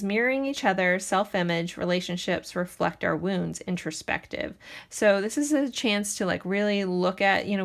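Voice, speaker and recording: Low, gravelly-voiced woman reading tarot. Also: a bit bright. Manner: chatty, rambling, reassuring. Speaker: tarot reader. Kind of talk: casual pick-a-card tarot reading.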